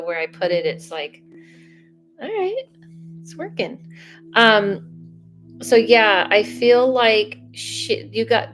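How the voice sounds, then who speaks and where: Chatty woman medium, faint music behind. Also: medium pitch. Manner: chatty and animated, self-interrupting. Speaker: psychic medium doing live readings. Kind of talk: casual livestream chat.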